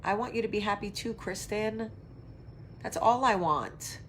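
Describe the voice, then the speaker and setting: A woman's voice: mid-range voice, measured pace, a bit bright, a little hiss or hum. Chatty, swearing woman talk show host. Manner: chatty, tangential, swears freely; reads out and answers viewer comments. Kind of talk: casual live chat to viewers.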